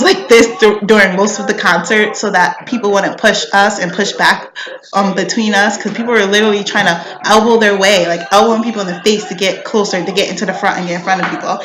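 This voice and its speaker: A young woman tells a story in an excited, gushing way, full of fillers, and breaks into little screams as she relives it. Her voice sits in a middle range and carries a clear echo off the room. A steady noise hangs behind her. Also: medium pitch. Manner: gushing, lots of "like" fillers, bursts into screams when reenacting. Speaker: vlogger.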